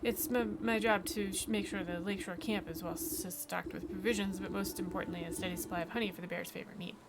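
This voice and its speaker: A woman reading the lines of a nervous, apologetic male army quartermaster in a game, stammering at first, over loud game music. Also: lowish voice, little pitch movement, racing, gravelly, very noisy. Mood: flustered. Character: flustered male army quartermaster, middle-aged.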